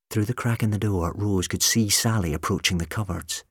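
Deep-voiced male audiobook narrator. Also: a little fast, hardly any pauses, husky, no echo, clean studio sound. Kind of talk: scripted narration.

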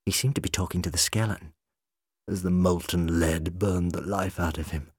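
A man narrating a story in a measured, scripted way. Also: deep voice, steady tone, breathy edge, dry recording, clean studio sound. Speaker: audiobook narrator.

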